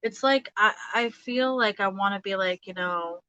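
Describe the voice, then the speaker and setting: Brief: thirties woman, bright forceful tone, dry close sound, halting tarot reader full of fillers. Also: medium pitch, clear, resonant tone, dry recording, dull audio. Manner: hesitant, halting, many fillers and restarts. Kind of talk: casual live tarot reading.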